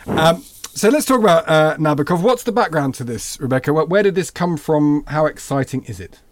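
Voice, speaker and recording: A man's voice: on the high side, moderate pace, noisy background. A man hosting a literary podcast, reading introductions and chatting with a guest. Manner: lively, reads intros then banters. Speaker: podcast host. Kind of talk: literary magazine podcast chat.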